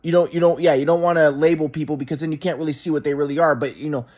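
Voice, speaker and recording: A man's voice: fairly high pitch, steady tone, very fast, a little mellow. Give me a man in a casual rambling monologue, repetitive, frustrated and profane. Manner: rambling, repeats and restarts, frustrated, swears.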